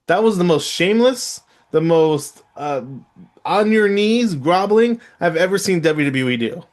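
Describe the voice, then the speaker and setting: Brief: argumentative middle-aged man, slightly high voice, podcast co-host who flares up loud. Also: expressive, unhurried. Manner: argumentative, incredulous, rising to loud outbursts. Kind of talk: heated casual podcast debate.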